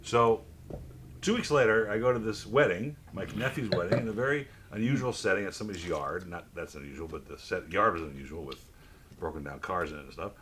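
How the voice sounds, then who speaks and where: A man hosting a casual wine tasting chat, telling stories with lively asides. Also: sits low, fairly quick. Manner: storytelling, animated, laughing asides. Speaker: wine club host. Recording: noticeable background noise.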